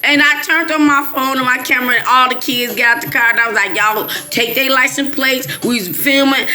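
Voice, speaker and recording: A middle-aged woman from Chicago's West Side tells a story in an animated, casual way and often quotes the people in it. Her voice sits a little high and sounds bright and forceful. Soft music plays faintly behind her. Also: quick pace. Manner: animated, laughing, quoting others in voices. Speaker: host. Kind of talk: casual storytelling to a live audience.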